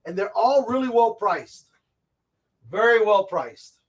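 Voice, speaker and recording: Excitable high-voiced man showing off gear. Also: slow, husky. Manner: chatty and excitable, full of asides. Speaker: host of a tabletop gaming segment. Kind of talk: casual product showcase. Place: inside a comic and game store.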